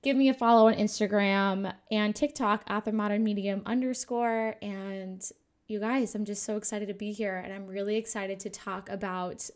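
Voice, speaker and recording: A woman's voice: medium pitch, fairly even intonation, normal speed. A young woman hosting a casual spiritual podcast, gushing and chatty, often saying "you guys" and "like.". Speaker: podcast host.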